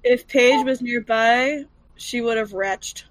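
A woman's voice: a little high, takes it slowly. A woman playing in a tabletop game, playful and giggly. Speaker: player. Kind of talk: tabletop role-play, playful.

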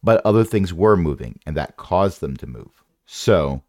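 Man, game master, low voice, very lively pitch, wry rambling, dry sound. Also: unhurried, no echo. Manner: rambling, self-correcting, wry. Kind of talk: narrating a tabletop game.

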